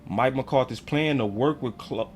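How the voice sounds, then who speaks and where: A man's voice: medium pitch, a little slow, a little mellow, soft background music. A man hosting a casual sports fan livestream, talking in slang and often getting heated and ranting. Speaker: sports channel host.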